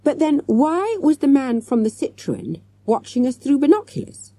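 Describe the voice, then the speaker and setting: A woman reading an audiobook, voicing a curious schoolboy on a bus trip who talks in bright, exclaiming bursts. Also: high voice, animated, normal speed, no echo, pitched above the performer's own voice.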